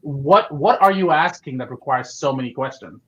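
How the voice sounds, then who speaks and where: A man's voice: medium pitch, moderate pace, a bit bright, lo-fi sound. A man hosting a casual interview podcast, talking in an upbeat way with many fillers and restarts. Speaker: podcast host.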